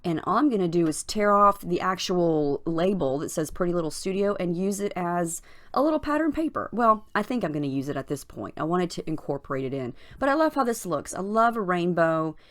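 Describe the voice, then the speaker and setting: A woman with a scratchy morning voice, casually narrating her craft process in a chatty, unhurried voiceover with plenty of fillers. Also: lowish voice, lively intonation. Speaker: crafting channel host. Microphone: voiceover recorded separately from the footage.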